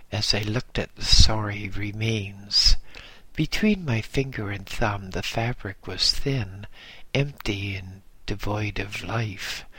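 A man narrating a memoir as an audiobook, in slow, measured storytelling. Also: on the low side, bright, forceful tone, husky, no room sound.

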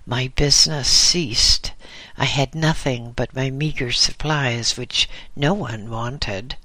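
A man's voice: medium pitch, sharp tone, no echo. A man doing a weak, dying silversmith. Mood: bitter. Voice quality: weak, faint voice. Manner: bitter, halting. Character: dying male convict silversmith, bitter and weak.

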